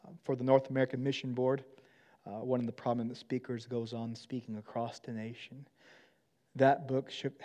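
A young man preaching a sermon to students, swinging from quiet, intimate appeals to loud, urgent pleas. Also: medium pitch. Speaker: campus minister.

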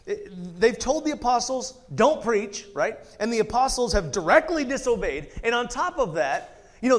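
A man teaches through a Bible passage in a relaxed, conversational way. His voice sits high for a man. He reads the verses aloud and keeps stopping for friendly asides and questions to his listeners. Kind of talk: casual Bible study teaching.

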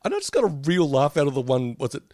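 A man's voice: on the high side, big pitch swings, fast, darkish tone, no room sound, clean studio sound. A man co-hosting a podcast, chatting casually, rambling with many fillers and frequent laughter. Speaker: podcast co-host. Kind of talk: casual chat.

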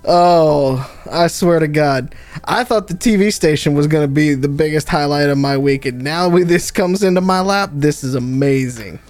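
Man, game master, amused, laughs often, slightly high voice, dry close sound, faint music. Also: normal speed, darkish tone, no echo. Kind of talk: narrating a tabletop game.

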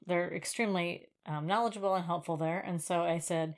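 A woman's voice: on the low side, moderate pace, hardly any pauses. A woman co-hosting a casual podcast chat, telling stories with frequent laughter. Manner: laughs often, animated storytelling. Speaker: podcast co-host.

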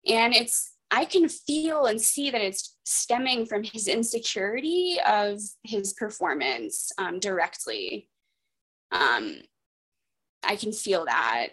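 A woman's voice: medium pitch, big pitch swings, slow, fairly bright tone, rough recording. A woman candidly telling a personal story as a guest, rambling, with many fillers and restarts.

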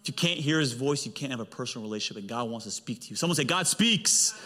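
A male pastor preaching a sermon with emphatic delivery and big swings in pitch. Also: rapid-fire, fairly bright tone. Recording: long hall reverb.

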